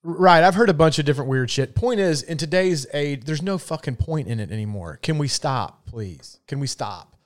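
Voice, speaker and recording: A man's voice: fairly high pitch, lively intonation, normal speed. A man co-hosting a casual podcast, ranting and swearing freely. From Florida, USA. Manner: profane, ranting, exasperated. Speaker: podcast co-host.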